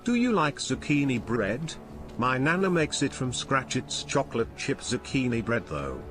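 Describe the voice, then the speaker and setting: A computer-generated male voice reads viewer messages aloud, its pitch leaping up and down in mechanical lilts. Faint music sits behind it. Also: big pitch swings, normal speed, fairly bright tone. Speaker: text-to-speech donation reader. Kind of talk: synthetic voice reading chat messages.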